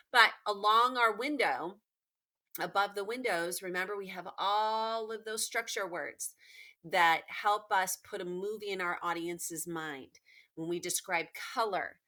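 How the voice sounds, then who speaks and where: Woman teacher, recorded lesson for kids, bright, emphatic, repeats key points. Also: mid-range voice. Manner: emphatic, repetitive, encouraging. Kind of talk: recorded remote lesson for pupils.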